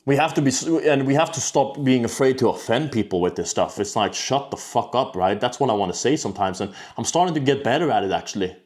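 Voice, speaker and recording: In a casual monologue to the viewer, a man rants about self-improvement, bluntly and with profanity. His ordinary middle-pitched voice is a little mellow, animated and fast with few pauses, and he repeatedly doubles back to restart sentences.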